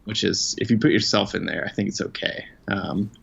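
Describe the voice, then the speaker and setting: An outdoor writer appears as an interview guest, chatting loosely in a low, gravelly, flat voice at a fairly quick clip. He pokes fun at himself and rambles, dropping plenty of "um"s and "you know"s. The recording sounds dull and lo-fi.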